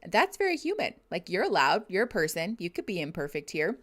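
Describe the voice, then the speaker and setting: With a fairly low, bright voice full of huge pitch swings, this woman talks briskly. She's a therapist livestreaming reactions to a reality show, chatting casually with her audience, reading and responding to their messages, laughing a lot.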